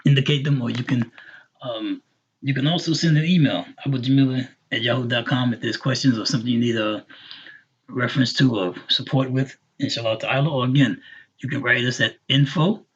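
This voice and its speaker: Husky man teaching a slow patient class. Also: mid-range voice. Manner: patient, repeats words slowly for learners. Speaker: Arabic teacher. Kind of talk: online class lesson. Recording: dull lo-fi recording.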